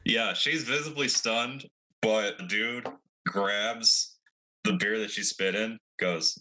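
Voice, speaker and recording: A man's voice: lowish voice, slow pace, bright, forceful tone, rough recording. A man as game master, narrating a tabletop game in a laid-back, matter-of-fact way.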